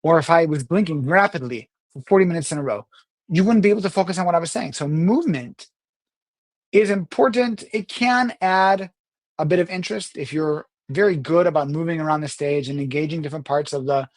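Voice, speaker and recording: A man teaching public speaking in an unscripted online presentation, explaining earnestly, slowing down on key words and often correcting himself mid-sentence. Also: fairly high pitch, no room sound. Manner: earnest and explanatory, uneven pace with slow stressed words; self-corrections and restarts.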